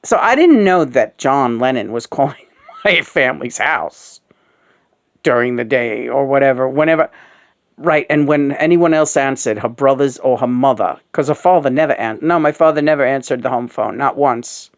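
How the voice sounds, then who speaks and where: A woman's voice: a bass voice, animated, normal speed. A woman in her sixties, a host of a puppet show, talking in a frank, rambling, casual way, full of fillers and swearing. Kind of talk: casual candid conversation.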